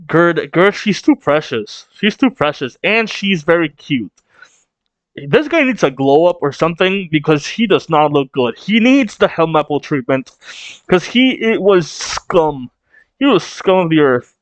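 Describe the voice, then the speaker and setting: A young man reacting to a comic chapter he reads aloud, excitable and swearing, laughing often. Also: on the high side, unhurried, no echo, dull audio. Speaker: reaction streamer. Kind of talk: casual reaction reading.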